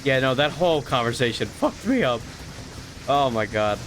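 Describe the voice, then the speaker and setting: A man's voice: mid-range voice, lively intonation, normal speed, background noise. A man streaming a video game and commenting casually, full of crude jokes and self-mocking banter. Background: game music and gunfire.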